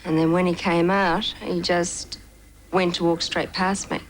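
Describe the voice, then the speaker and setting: A woman's voice: lowish voice, flat delivery, measured pace, low-quality recording. A woman in a documentary interview, recounting events in a plain, matter-of-fact way. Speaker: interviewee, supporter of a victim.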